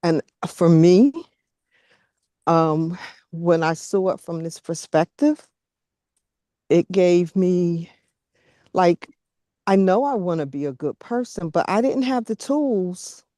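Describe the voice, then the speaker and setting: A woman leading a group video call, speaking gently and encouragingly. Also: lowish voice, slow pace, long pauses, dry recording, studio quality. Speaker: group facilitator.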